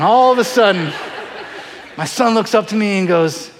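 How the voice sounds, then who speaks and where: A middle-aged male pastor with a high voice delivers an animated, story-driven sermon, slipping into voices as he acts out the scene. His voice rings with the long reverb of a large hall. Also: moderate pace, a little hiss or hum.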